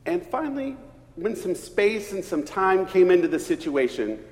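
A man's voice: sing-song, a little mellow. A middle-aged man from East Texas, preaching a storytelling sermon in a church. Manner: slow, storytelling delivery with wide swings in pitch and volume. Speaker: pastor. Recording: reverberant church hall.

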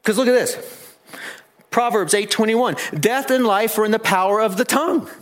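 A man's voice: high voice, moderate pace. A man preaching a sermon, earnest and emphatic, asking the congregation many questions. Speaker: pastor.

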